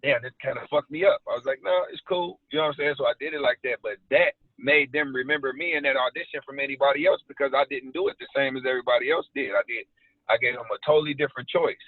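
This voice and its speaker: Thin and phone-like on a dry recording, a medium-pitched male voice moves at a quick pace. He's an actor from South Side Chicago, a casual guest in an interview, telling energetic stories laced with street slang.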